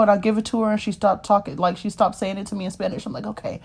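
Speaking quickly at a medium pitch, this thirtysomething woman sounds a little mellow. She wanders casually through her life story and keeps asking "you know what I mean?"

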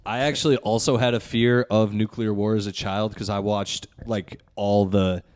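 A man's voice: lowish voice, fairly even intonation, normal speed, a little mellow. A man from Indiana, a guest on a podcast, talking in an easygoing way and laughing often. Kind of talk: casual chat.

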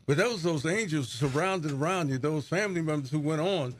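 A man's voice: fairly high pitch, lively intonation, brisk, slight background noise. A middle-aged man, a pastor, giving an earnest, reflective testimony as an interview guest and often repeating words as he searches for them.

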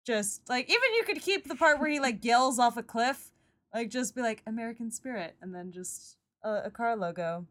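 Giggly rambling woman, fairly high voice. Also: expressive, normal speed, a bit bright. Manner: rambling, giggly, lots of fillers. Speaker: podcast co-host. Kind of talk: casual chat about a TV show.

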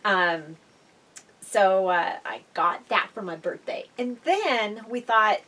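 A woman's voice: medium pitch, slow pace, fairly bright tone, recorded from a distance. A middle-aged woman co-hosting a casual chat podcast, telling stories in a chatty way and laughing often. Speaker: podcast co-host.

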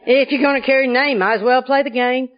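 High-voiced woman telling a comic story. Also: quick pace, lo-fi sound. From Arkansas. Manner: lively comic delivery, often laughing. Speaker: speaker at a recovery conference. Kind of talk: humorous storytelling to an audience.

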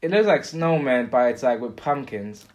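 A man's voice: medium pitch, expressive, normal speed, a little mellow. A young man co-hosting a casual podcast, earnest and repeating himself as he searches for words. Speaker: podcast co-host. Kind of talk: casual chat.

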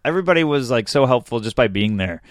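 A man's voice: medium pitch, animated, fast talker, no echo, clean studio sound. A young man, a comedian and podcast co-host, telling a rambling, self-mocking story in casual chat and laughing often.

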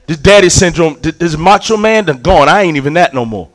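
A man, preaching a sermon as a story, acting out scenes and repeating words when excited. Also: a little high, brisk, dry recording, rough recording.

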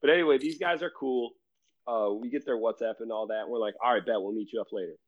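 A man's voice: medium pitch, fast talker. A man telling a trip story in casual podcast talk. He acts out quotes and laughs often. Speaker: storyteller in a group chat. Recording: dull lo-fi sound.

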